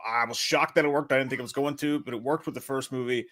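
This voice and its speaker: A man co-hosting a casual movie news show, relaxed and joking, swearing casually. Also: medium pitch, fast. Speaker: podcast co-host.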